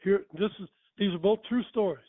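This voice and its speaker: With a voice that sits high and a brisk pace, an older storyteller rambles through casual tales, chuckling and self-correcting. There's no room sound, though the audio is tinny like a phone.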